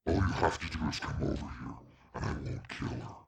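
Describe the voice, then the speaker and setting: A gravelly demonic possessed voice. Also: male voice, very deep voice, brisk, no echo, voice pushed down, full character voice. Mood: desperate, menacing. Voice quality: gravelly, raspy. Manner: pleading screams. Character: possessed man with demonic choir-like growl.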